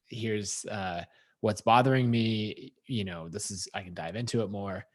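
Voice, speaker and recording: A man talks through his thoughts slowly on a podcast, reflective and searching for words. His voice is husky and dry, with no room sound around it. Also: fairly low pitch, no echo. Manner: reflective, thinks aloud with fillers. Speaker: podcast co-host. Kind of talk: casual conversation.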